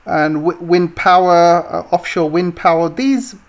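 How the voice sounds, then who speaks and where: With a fairly low pitch and a measured pace, this woman vlogger rants about politics, indignant and scornful, her speech dotted with fillers and restarts.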